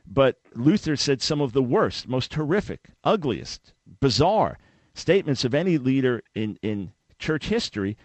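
A man hosting a radio debate with a caller, talking fast and often restarting his words as he jumps in. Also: medium pitch, big pitch swings, dry recording. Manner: interjecting, repeats words when starting a thought. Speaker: radio show host.

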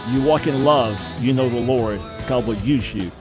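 A man's voice: mid-range voice, normal speed, over music. A man hosting a Christian radio talk show, speaking in an earnest, preacherly way and often repeating words as he begins a thought.

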